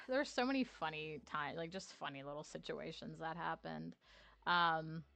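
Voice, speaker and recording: A woman's voice: low-pitched, moderate pace, creaky, sharp tone, dry recording. A woman streamer telling a story in casual chat, laughing often and swearing freely.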